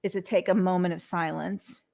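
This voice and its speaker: A woman's voice: on the low side, fairly even intonation, moderate pace, creaky, darkish tone. A woman hosting a motivational podcast, talking earnestly in an unscripted monologue, often repeating words and restarting. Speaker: podcast host and coach.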